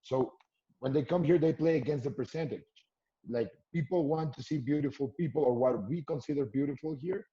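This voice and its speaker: A man's voice: on the high side, fairly quick, warm tone, highs cut off. A man from Mexico, a comedian guest, rambling through casual chat with lots of fillers.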